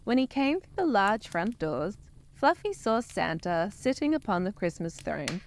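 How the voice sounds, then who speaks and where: Lively woman reading a children's story. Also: mid-range voice, a little slow, slight background noise. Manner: expressive, playful storytelling.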